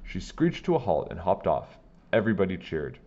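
A man with a low voice reads a children's book aloud in plain, steady storytelling. His pitch moves in lively swings. The recording sounds dull and lo-fi. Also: moderate pace.

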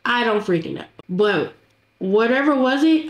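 A woman's voice: fairly high pitch, animated, unhurried, roomy sound. A young woman voicing a game role-play monologue, talking to herself in a dramatic, panicky way. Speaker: Roblox roleplay voice actor.

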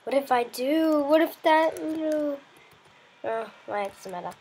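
A woman's voice: high voice, expressive, measured pace, darkish tone. A woman giving casual, rambling gameplay commentary as the host of her own let's play, chatting playfully and talking to the animals in her game.

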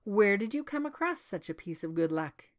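A woman's voice: medium pitch, very animated, moderate pace, natural voice. A woman voicing a curious, questioning old king in a read-aloud story.

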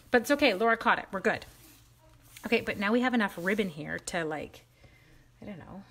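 A woman with a medium-pitched, slightly bright voice hosts a live crafting stream. Chatty and self-mocking, she greets viewers by name and jokes about her own mistakes as she works.

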